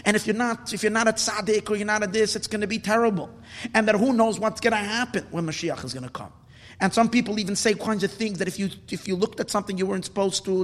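A man giving an impassioned Torah talk as a rabbi, building at times to indignant shouts. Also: sits high, big-room sound.

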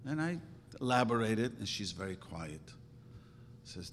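A man's voice: lowish voice, very animated, unhurried, pauses often, long reverb tail, slight background noise. A man giving an informal religious talk as a rabbi, earnest and emphatic, telling stories with sudden rising bursts.

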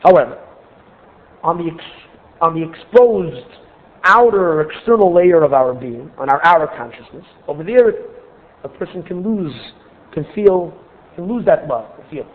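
Guy with a high voice explaining stuff step by step, asks himself questions, sounds like a phone recording. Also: animated, normal speed, pauses often. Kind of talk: spoken teaching. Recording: tinny phone-like audio.

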